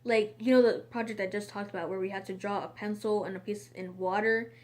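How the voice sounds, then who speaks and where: A woman's voice: mid-range voice, fairly even intonation, brisk, a little mellow. A woman in a casual storytime monologue, rambling and chatty, with frequent fillers and restarts. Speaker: vlogger.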